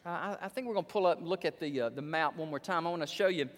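A man's voice: on the high side, very fast, in a large hall. A male pastor preaching a sermon with emphatic delivery, drawing out the words he stresses.

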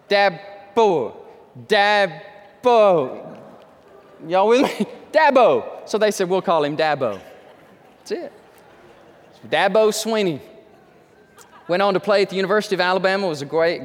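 A man's voice: sits high, in a large hall. A man preaching a sermon, talking conversationally and building to impassioned pleading. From Texas. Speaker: pastor.

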